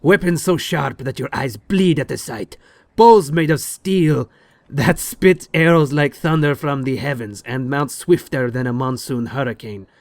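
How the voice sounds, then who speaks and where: A man's voice: medium pitch, a little slow, dry recording, close to an everyday voice. A man putting on a flowery spice merchant's accent. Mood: grandiose. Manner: reading aloud in a put-on accent, grandly flowery. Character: pompous male spice merchant pleading with a king.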